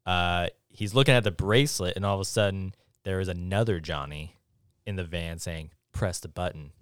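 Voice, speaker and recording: A man's voice: low voice, moderate pace, smooth, no echo, clean studio sound. A man co-hosting a podcast, recapping a film in a laid-back, casual way with plenty of "um" and "like". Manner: laid-back, with many fillers like "um" and "like". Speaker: podcast co-host.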